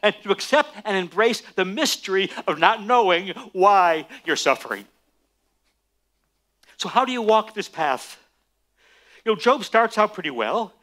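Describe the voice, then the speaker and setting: A man, a Messianic rabbi, preaching a sermon emphatically and slowing down for stress on key lines. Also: high voice. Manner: emphatic, animated preaching with dramatic slowdowns.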